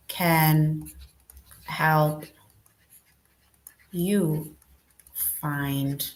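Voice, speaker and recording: Slow, patient woman teacher, lowish voice. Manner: slow, patient, checks in with "right?". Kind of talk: online grade-school lesson.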